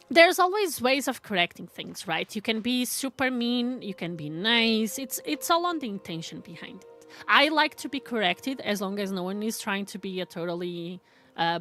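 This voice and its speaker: A woman's voice: medium pitch, fairly bright tone. A woman live streaming, chatting casually with viewers, laughing often and reading their messages aloud.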